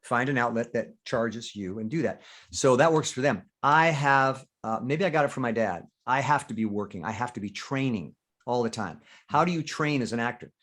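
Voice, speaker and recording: An older American man, a veteran actor appearing as an interview guest, speaks at a moderate pace in a mid-range voice. He talks candidly and animatedly, acting out his inner thoughts and swearing freely.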